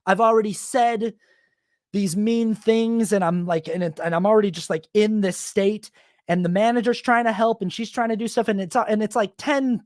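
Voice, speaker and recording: A man's voice: high voice, steady tone, moderate pace, darkish tone, no room sound, studio quality. A man hosting a solo podcast, telling a self-deprecating story in a rambling, confessional way with many restarts. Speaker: podcast host.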